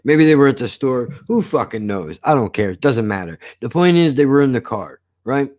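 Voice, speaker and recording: Male reviewer, loose vlog rant, heavy swearing, lively storytelling. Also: medium pitch, moderate pace. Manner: swears constantly, animated storytelling. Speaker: show reviewer. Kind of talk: casual profane rant.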